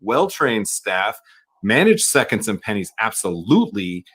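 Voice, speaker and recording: A man hosting a podcast interview, talking in an energetic, emphatic way and repeating key words. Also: lowish voice, unhurried, husky. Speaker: podcast host.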